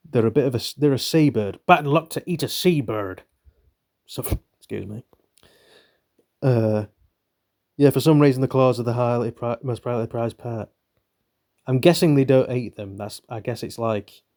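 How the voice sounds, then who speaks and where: A man's voice: medium pitch, a little mellow. A young man, reading a book aloud and breaking off for rambling, irreverent, swearing asides. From northern Britain. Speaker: channel host reading a book. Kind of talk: reading aloud with offhand commentary.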